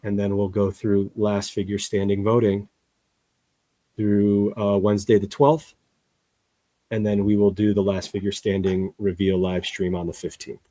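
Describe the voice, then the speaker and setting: A man's voice: fairly low pitch, level tone, a little slow, warm tone, no echo. A man co-hosting a casual live-stream chat, laying out a schedule step by step with lots of fillers, over a video call. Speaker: co-host.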